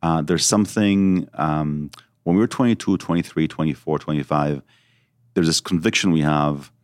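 Deep-voiced guy on a podcast, earnest, thinks out loud, dry close sound. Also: normal speed, no room sound. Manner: earnest, reflective, explains with examples. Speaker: guest. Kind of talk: podcast interview.

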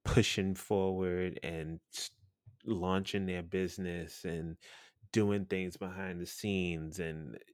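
In a dry, clean studio recording, a man with a low, fairly even voice speaks slowly. He's a podcast host and radio personality telling a story in a blunt, profane, chatty way, laughing now and then.

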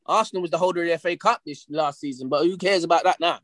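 A man's voice: on the high side, rapid-fire, dry recording. A man hosting a football podcast, talking in brash, slang-heavy banter. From England. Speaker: podcast host. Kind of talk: casual football podcast chat.

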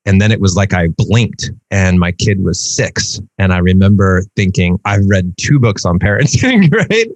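This is a man in his forties with a lowish voice, telling personal stories as a podcast guest. He talks in a lively, animated way and keeps checking in with asides like "right?". The sound is dry and close, with almost no room echo. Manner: lively, animated storyteller who often says "dude" and "right?". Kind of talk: casual storytelling conversation.

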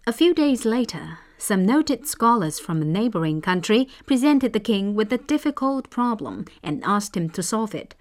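A woman hosting and narrating folk tales in a measured, expressive scripted reading. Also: on the high side. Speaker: storyteller host.

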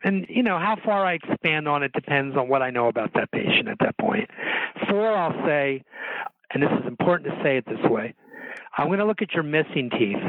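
A man's voice: fairly high pitch, no room sound. A middle-aged man, a dentist, talking casually and earnestly to fellow dentists and acting out what he tells his patients. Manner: earnest, explains with examples, acts out lines to patients. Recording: tinny phone line, dry.

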